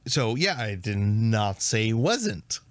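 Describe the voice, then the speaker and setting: A man's voice: on the low side, big pitch swings, slow, no echo. A man co-hosting a podcast, chatting casually with lots of filler words. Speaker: podcast co-host. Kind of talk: casual chat.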